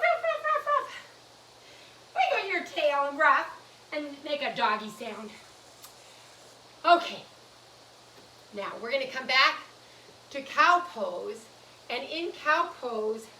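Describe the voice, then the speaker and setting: A woman teaching a yoga class to young children, gentle and playful, coaxing them through poses. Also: high voice, slight background noise. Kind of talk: guided kids' yoga lesson. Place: room in a nursery school. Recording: echoey room, mic at a distance.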